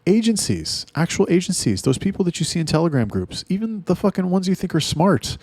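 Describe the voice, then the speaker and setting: A man's voice: high-pitched, big pitch swings, fairly quick, a little mellow, no room sound. A man ranting in a casual, blunt and heavily profane monologue. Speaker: talk host.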